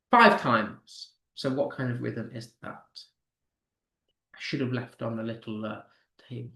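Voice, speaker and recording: A man's voice: mid-range voice, fairly bright tone, echoey room. A male English teacher giving an online poetry lesson, answering student comments and tapping out rhythms by stressing syllables. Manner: slow, stressed reading when tapping out poetic rhythm; talks to students reading comments aloud.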